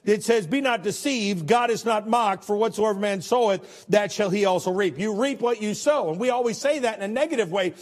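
A male pastor preaching a sermon in a folksy, conversational way, his voice sitting a little higher than most men's. He swings from emphatic, driving lines down to soft, hushed asides, with restarts along the way. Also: fairly quick, hardly any pauses.

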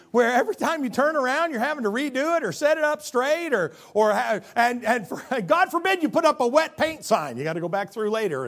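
A male pastor delivers a sermon with a fairly high voice that rises and falls dramatically. He tells stories with animated energy, climbing into loud, excited runs and then dropping to hushed, low lines. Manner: animated storytelling, swinging between loud bursts and quiet lows.

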